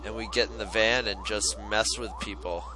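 A man hosting a podcast who tells a profane, animated story in casual chat. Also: fairly low pitch, moderate pace, crowd noise, low-quality recording. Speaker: podcast host.

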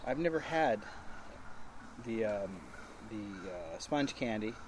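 A man's voice: lowish voice, lively intonation, slow pace. A man hosting a podcast in casual chat, tasting food and tossing out dry joking asides, recorded outdoors at a public market. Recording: loud outdoor background noise.

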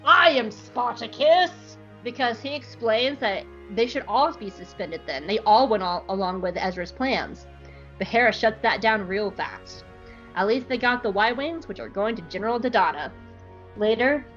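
A woman's voice: mid-range voice, normal speed, highs cut off, faint music behind. A woman podcast host recapping an episode in casual, joking chat. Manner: animated, joking, irreverent.

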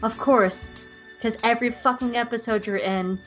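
A woman's voice: fairly high pitch, steady tone, normal speed, faint music behind, lightly acted. A woman doing a tender hulking alien warrior.

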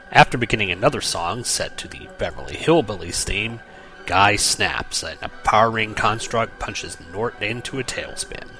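Brief: male comic podcast host, bright and lowish, dry humor. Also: low-quality recording. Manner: wry, joking asides. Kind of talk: comic book review podcast.

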